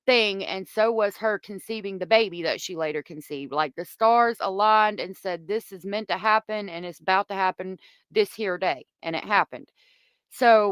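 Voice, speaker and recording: A woman's voice: mid-range voice, smooth, dry recording. A woman hosting a casual true crime livestream, chatty and gossipy, reading viewer comments aloud.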